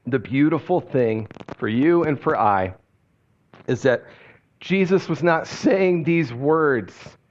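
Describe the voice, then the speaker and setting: A man preaching a sermon, speaking slowly and quietly, often dropping his voice low on key phrases. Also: lo-fi sound. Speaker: pastor.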